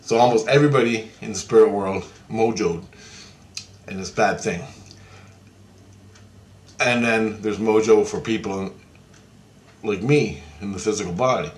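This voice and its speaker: A man's voice: on the low side, a little slow, pauses often. Rambling, repetitive man telling a story. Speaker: vlogger. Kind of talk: casual storytelling. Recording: echoey room.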